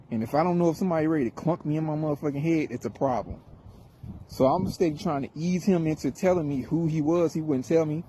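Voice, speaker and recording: A middle-aged man spins a storytime tale in an animated, wry, profane way. His voice sits a little high for a man but sounds mellow and warm. Faint traffic noise hums behind him. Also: low-quality recording. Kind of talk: casual storytime monologue.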